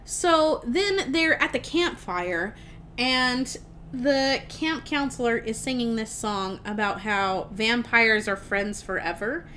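Animated young woman recapping a film. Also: on the high side, slow pace, a little hiss or hum. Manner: animated storytelling with frequent swearing and fillers. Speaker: podcast co-host.

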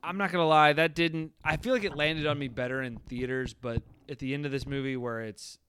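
A man's voice: fairly high pitch, steady tone, fairly quick, a bit bright, slight background noise. A man casually reviewing a horror movie with friends, rambling and laughing as he acts out quotes. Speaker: podcast co-host.

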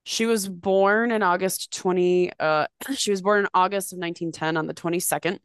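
A woman co-hosting a casual podcast, chatting and storytelling in an animated way, swearing freely and acting out quotes in a higher voice. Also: moderate pace, clean tone, no echo, studio quality. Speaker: podcast co-host.

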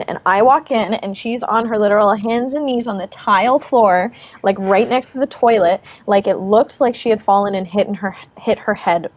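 A woman in her twenties, co-hosting a podcast and telling a shared childhood story in casual chat, laughing often. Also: medium pitch. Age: 20s. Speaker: podcast co-host.

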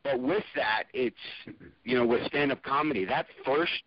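A man's voice: mid-range voice, normal speed, no room sound, dull audio. A man, a stand-up comedian, talking casually on a podcast, rambling with many restarts.

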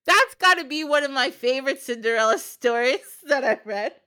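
Podcast host, woman, high lively voice, lots of giggles. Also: normal speed, clean tone. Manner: giggly, animated, dramatic retelling. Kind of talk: casual storytelling.

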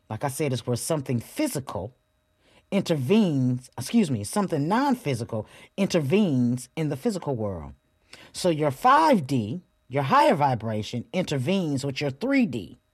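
A woman's voice: rumbling low, slightly rough, no room sound, studio quality. A woman hosting a spiritual motivational podcast, talking straight to her listeners and repeating affirmations with emphasis. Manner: addresses listeners directly and warmly as a group. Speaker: podcast host.

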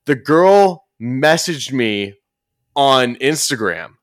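Man, podcast host, casual chat, profane, animated storytelling, mid-pitched voice. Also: takes it slowly. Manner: loose and profane, animated storytelling with bursts of emphasis. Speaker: podcast host and commentary YouTuber.

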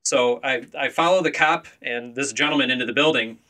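A man in his thirties hosting a podcast with a bright, forceful voice. He tells stories in an animated way and laughs often. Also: mid-range voice, fairly quick. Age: 30s. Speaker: podcast host. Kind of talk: casual storytelling.

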